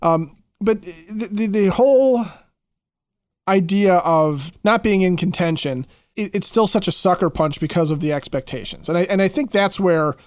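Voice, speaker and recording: Male co-host, high voice, dry close sound, reflective and rambling. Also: normal speed, a little mellow, clean tone, dry recording. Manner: rambling, reflective, lots of restarts. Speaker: podcast co-host. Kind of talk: casual sports podcast chat.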